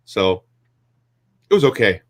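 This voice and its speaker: A man's voice: lowish voice, big pitch swings, a little slow. A man co-hosting a comic book podcast, talking casually and hesitantly with many fillers. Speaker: podcast co-host.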